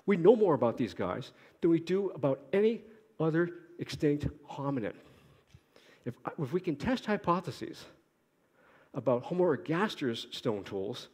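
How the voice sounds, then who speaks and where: Middle-aged guy from boston giving a conference talk, talks fast, trips over himself, dry jokes, big hall echo. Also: fairly high pitch, mellow. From Boston, United States. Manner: quick-talking with restarts and wry self-addressed asides. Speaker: conference speaker, archaeologist. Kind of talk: academic conference lecture. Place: lecture hall. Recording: long hall reverb.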